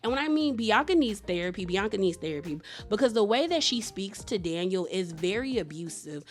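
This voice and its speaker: A woman's voice: mid-range voice, animated, a little fast. A woman recapping a reality show in casual, opinionated commentary, filling her talk with "like" and slang. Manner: chatty, opinionated, heavy use of "like" and slang. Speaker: TV show reviewer.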